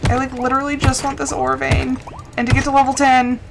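A woman's voice: sits high, level tone, brisk, gravelly. Chatty young woman streaming with game music. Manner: chatty, rambling, with many fillers. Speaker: streamer playing a farming game. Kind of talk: casual live-stream chat while gaming.

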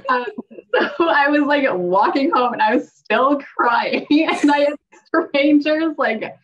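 A woman's voice: high-pitched, very animated, takes it slowly. A young woman, a mental health clinician, telling her story as a podcast guest in a chatty way, with many fillers and frequent laughs. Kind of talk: casual podcast conversation. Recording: dull, distant remote-call audio.

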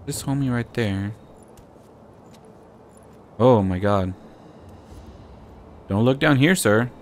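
A man's voice: mid-range voice, takes it slowly, slight background noise. A man hosting a let's play, commenting on the game in a playful, jokey way and talking back to the characters. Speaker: gaming channel host.

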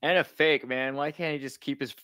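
A man's voice: medium pitch, steady tone, a little fast, a crowd in the background. A man co-hosting casually, agreeing with the host and reading viewer questions. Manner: agreeable, chiming in. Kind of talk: casual chat.

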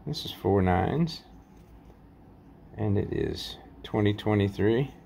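A man casually rambling through a show-and-tell vlog about his collection, halting often with fillers and folksy sign-offs. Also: fairly low pitch, animated, creaky, dark tone, slight background noise. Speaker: coin collecting vlogger.

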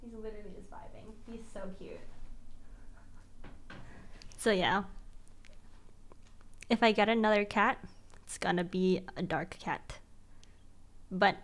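A young woman streaming, chatting casually and excitedly with viewers, gushing and giggly with lots of slang. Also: medium pitch, slow pace, long pauses, a little hiss or hum.

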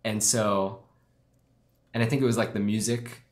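Low-voiced man giving casual film critique. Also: moderate pace. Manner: relaxed, many fillers, thinks aloud. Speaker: wedding filmmaker co-host reviewing films. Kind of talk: casual live-stream critique.

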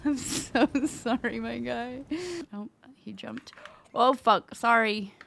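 A woman streamer giving live gameplay commentary, excitable, cursing and laughing often. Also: on the high side, takes it slowly, gravelly, slight background noise.

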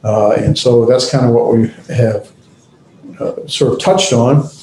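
A man teaching a class, speaking haltingly with many pauses and restarts. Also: medium pitch, dark tone, reverberant, a little hiss or hum, low-quality recording. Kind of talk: classroom lecture.

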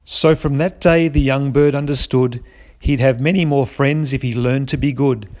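A man's voice: medium pitch, steady tone, moderate pace, darkish tone. A man narrating a rhyming children's storybook in a lilting, rhythmic way. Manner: lilting, rhythmic rhyme reading.

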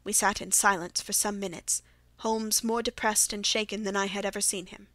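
A woman narrating a classic detective story audiobook in a steady, even reading. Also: mid-range voice, normal speed, no room sound. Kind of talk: scripted narration.

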